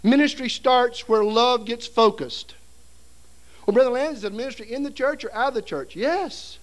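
A man's voice: extremely high pitch, moderate pace. A middle-aged man preaching at a seminary seminar, telling a story with humor and acting out voices and sounds. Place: seminary hall before an audience.

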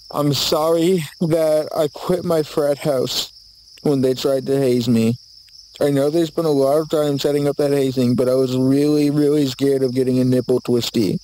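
A man's voice: mid-range voice, dark tone, slight background noise, low-quality recording. A man delivering a mock apology monologue in a forest at night, rambling nervously, stammering and swearing as he talks into a handheld camera. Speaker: video creator. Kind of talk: mock apology monologue in a horror comedy short. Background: faint crickets and insects.

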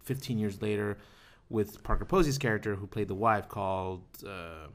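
A man's voice: lowish voice, moderate pace. A man hosting a casual movie podcast, rambling and hesitant, asking the others questions. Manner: rambling, hesitant, many fillers. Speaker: podcast host. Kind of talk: casual chat.

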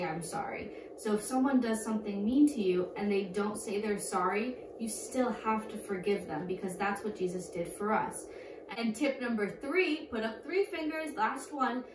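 Upbeat woman teaching kids in an echoey room. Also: mid-range voice. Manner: upbeat, speaking simply to kids. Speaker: children's church teacher. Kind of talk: children's Bible lesson. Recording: echoey room, distant mic, background noise.

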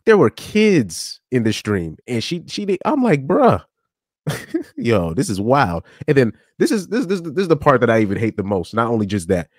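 A man giving casual reaction commentary on a live stream clip, animated, with stammering restarts and frequent laughs. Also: mid-range voice, brisk, few pauses, dry recording, clean studio sound.

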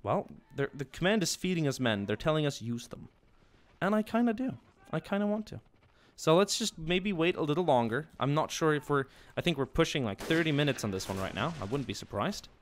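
A young man giving live commentary on a strategy war game, yelling and swearing at his troops one moment and muttering quietly the next. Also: a little high, a little fast. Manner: excitable, swears and yells at his units, drops to quiet mutters. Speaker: gameplay commentator.

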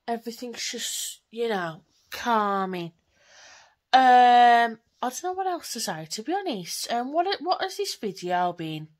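Young woman, slightly high voice, rambling casual vlog chat, phone camera at home. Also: lively intonation, unhurried. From England. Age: 20s. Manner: chatty, rambling, swears lightly. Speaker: vlogger. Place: living room at home.

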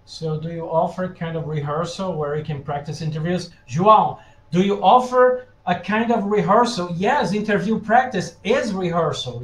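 A man with a high voice teaches live over a webinar. He answers questions from the chat and keeps asking "yeah?" to check that his listeners follow. His voice rings around an echoey room. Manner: reads out chat questions and answers them directly. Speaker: language teacher presenting a webinar.

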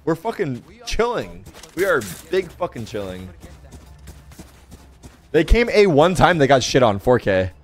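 A man's voice: a little high, sing-song, a little slow, long pauses, faint music behind. A man streaming a competitive shooter game, brash and profane, joking with teammates as he plays. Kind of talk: live gameplay streaming with teammates. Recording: game sounds and noise behind.

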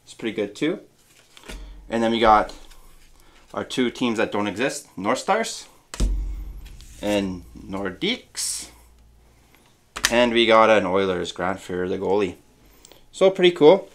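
A man's voice: lowish voice, big pitch swings, takes it slowly, long pauses. Chatty man opening card packs. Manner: chatty, muses aloud with hums. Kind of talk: casual unboxing chat.

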